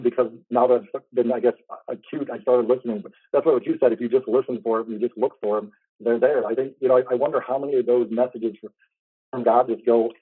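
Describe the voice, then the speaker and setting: A man's voice: medium pitch, slightly rough, no room sound. A man hosting an interview, telling a personal faith story in an earnest, rambling way. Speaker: host. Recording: tinny phone-like line, dry.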